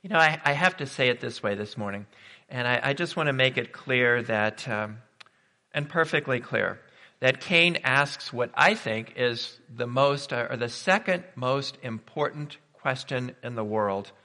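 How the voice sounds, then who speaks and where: A man's voice: mid-range voice, expressive, a little slow, pushed and bright. A man preaching a sermon, emphatic and full of rhetorical questions. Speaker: pastor. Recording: reverberant hall.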